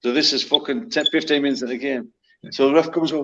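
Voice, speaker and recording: A man's voice: mid-range voice, steady tone, fast talker, background noise. A man, a former footballer telling blunt, profane stories in casual chat. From North East England. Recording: slightly muffled lo-fi sound.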